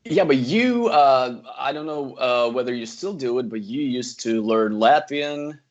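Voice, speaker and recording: Russian-accented male host, mid-pitched, hesitant delivery, lo-fi video call audio. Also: lively intonation, a little slow. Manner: hesitant, many fillers. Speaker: podcast host. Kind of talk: casual chat. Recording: dull lo-fi sound.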